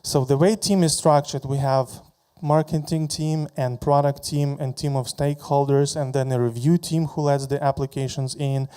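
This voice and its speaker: A man giving a conference talk about his product, halting often and repeating words as he walks through slides. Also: medium pitch, steady tone, dark tone, clean tone.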